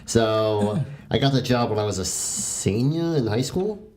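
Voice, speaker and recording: A man in his twenties co-hosting a podcast. He talks in a relaxed, easygoing way with many fillers. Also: medium pitch, a little slow. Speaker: podcast co-host. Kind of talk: casual chat.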